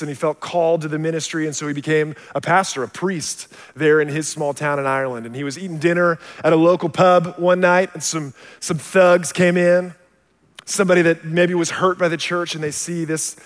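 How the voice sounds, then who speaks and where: A man with a slightly high voice preaching from the pulpit. He tells stories in an animated way, dropping low and quiet, then building to shouts. His voice rings out with a long reverb around the hall. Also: brisk. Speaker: pastor. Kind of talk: sermon.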